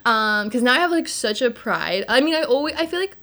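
A woman's voice: on the high side, animated, a little fast, bright, forceful tone. A woman from New Jersey speaks as a podcast guest. Her talk is casual and rambling, full of filler words. She is blunt and swears without hesitation. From Northern New Jersey. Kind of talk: casual chat.

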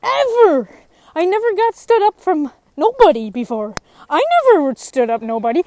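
A young woman with a high voice talks frankly about her own recovery. She is emotional and gets louder when frustrated. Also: sing-song, moderate pace. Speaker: person in recovery sharing her story. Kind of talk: personal testimony.

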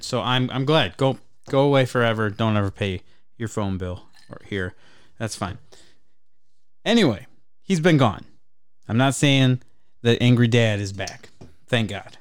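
A man's voice: fairly low pitch, moderate pace, smooth, dry recording. A man co-hosting a casual podcast, telling rambling, profane stories about customers. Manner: rambling, profane, animated retelling. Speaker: podcast co-host and game store worker. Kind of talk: casual storytelling chat.

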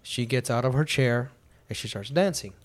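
A podcast host with a medium-pitched voice and moderate pace tells a casual story about a night out. He is lively and chatty, acting out both his own lines and other people's as he goes.

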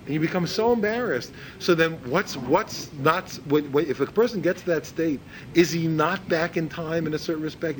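In poor audio with slight background noise, a man teaches religion in an informal lecture. He repeats himself while hunting for the right words and voices the people he quotes in a higher pitch.

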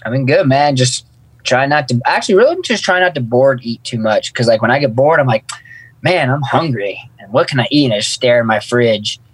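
A man's voice: mid-range voice, brisk, breathy edge, dry recording, poor audio. A man who snowboards, chatting as a guest in an easygoing, rambling way. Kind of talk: casual interview chat.

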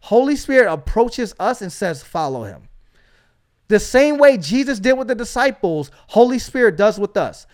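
A man's voice: very high voice, expressive, moderate pace, hardly any pauses. A man hosting a faith podcast, preaching with emphatic energy and frequent call-outs to his listeners.

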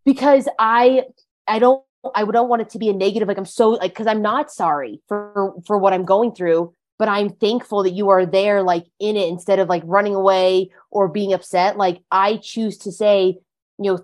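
A woman's voice: medium pitch, fairly even intonation, normal speed, darkish tone. Earnest woman sharing her recovery story. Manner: earnest, heavy use of "like" fillers. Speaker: podcast guest. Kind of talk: casual conversation about recovery.

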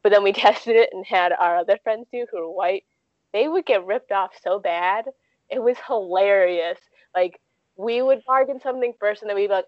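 A woman's voice: medium pitch, moderate pace, no echo, lo-fi sound. A woman in her twenties telling stories casually in an interview, with lots of "like" and "um" fillers. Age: 20s. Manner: chatty, frequent "like" and "um" fillers. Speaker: guest.

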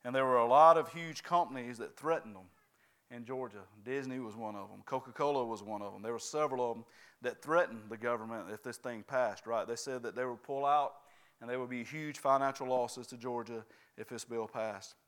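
Preacher with a smooth voice. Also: male voice, medium pitch, a little fast, a bit bright. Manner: repeats "right?" and "amen?" to the congregation. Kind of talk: sermon.

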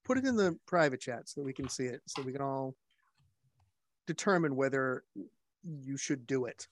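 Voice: mid-range voice, animated, normal speed, no echo. A podcast host casually leading a group chat on a video call, rambling and joking, with lots of fillers and restarts.

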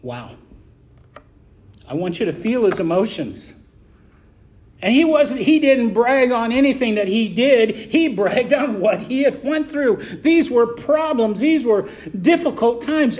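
A man preaching a sermon as pastor, reading scripture and speaking with passion, sometimes loud and sometimes slow and low. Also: lively intonation. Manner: impassioned, shifting between loud emphasis and slow, low, deliberate delivery.

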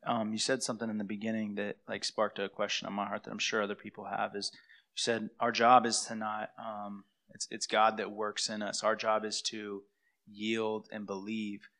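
Man, group member, hesitant question, low flat voice, distant from the mic. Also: normal speed. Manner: hesitant, searching for words. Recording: heard from far off in the room.

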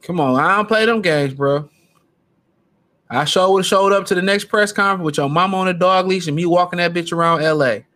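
A man's voice: sits high, brisk, a bit bright. A man hosting a solo podcast, ranting casually with brash, profane trash talk. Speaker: podcast host.

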